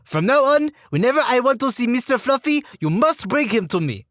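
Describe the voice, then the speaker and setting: A man voicing a stern, fussy female drill sergeant with a French-Canadian accent, scolding in a high put-on falsetto. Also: sing-song, fairly quick, a bit bright, no room sound, clean studio sound, heavily acted. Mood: mock formal.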